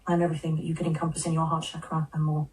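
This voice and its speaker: A woman voicing a serene male spirit of Jesus speaking through a medium, in slow, solemn, measured pronouncements. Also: sits low, completely flat delivery, darkish tone, recorded from a distance, pitched below the performer's own voice, close to an everyday voice, rough recording.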